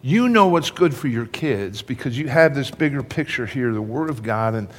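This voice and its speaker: A man's voice: medium pitch, lively intonation, normal speed. Older male pastor preaching in a reverberant hall. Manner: conversational, addresses congregation directly. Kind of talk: sermon.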